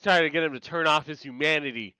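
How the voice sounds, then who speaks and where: A man with a smooth, clear and bright voice, a little high, riffs on a TV episode with his co-host. He drops wry jokes and laughs along. He is miked close and dry. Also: quick pace, no echo. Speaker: podcast co-host. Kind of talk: casual episode recap chat.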